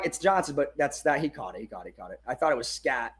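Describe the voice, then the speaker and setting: A man giving live watch-along commentary on a game as a fan streamer. He is excitable and swears, swinging from hyped shouting to muttered asides, and talks into a phone held in his hand. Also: mid-range voice, quick pace, hardly any pauses.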